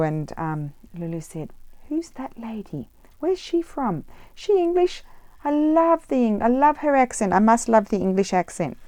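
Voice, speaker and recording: Low voiced lady rambling to her viewers while she glues and stitches, chatty, goes off on tangents. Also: a little mellow, clean tone, dry recording. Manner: thinks aloud while working. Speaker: craft vlogger. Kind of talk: casual chat while crafting.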